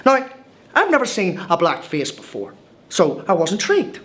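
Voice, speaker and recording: A man's voice: high voice, wildly swooping pitch, normal speed, fairly bright tone, exaggerated voice. A cheerful Irish newcomer, chatty and wide-eyed, telling his tale in a scripted film monologue. The Irish accent is there from the first line. He talks wryly and stumbles over a word now and then. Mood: wry storytelling. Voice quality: chatty, wry storytelling with hesitant restarts. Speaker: monologue narrator.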